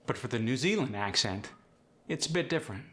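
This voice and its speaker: Male accent coach hosting a tutorial, bright and forceful tone, clear and explanatory delivery. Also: medium pitch, expressive, fairly quick. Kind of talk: instructional tutorial.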